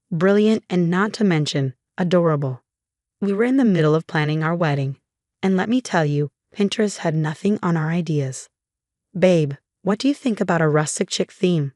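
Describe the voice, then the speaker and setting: Dry, low-voiced woman narrating a story. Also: a little mellow, no echo. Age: young adult. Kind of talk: scripted first-person story narration.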